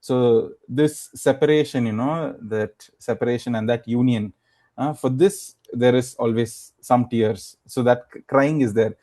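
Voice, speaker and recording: A man preaches by retelling a sacred story, pausing on fillers and slipping into the characters' words. His voice is mellow and relaxed, sitting at an ordinary middle pitch for a man. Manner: retells scripture as a story, acting out quoted lines, many fillers. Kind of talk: storytelling sermon.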